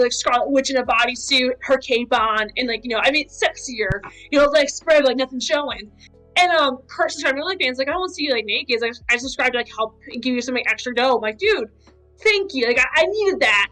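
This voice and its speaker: Bright-voiced chatty woman cosplayer. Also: high voice, expressive, fast talker, faint music behind, rough recording. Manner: chatty storyteller, many "like" fillers. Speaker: cosplayer guest. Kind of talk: casual podcast chat.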